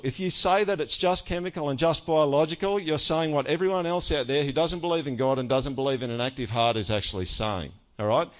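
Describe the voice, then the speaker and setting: Chatty preaching man, mid-pitched. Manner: conversational, frequent "all right?" check-ins; animated with self-mocking humor. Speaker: pastor. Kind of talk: sermon.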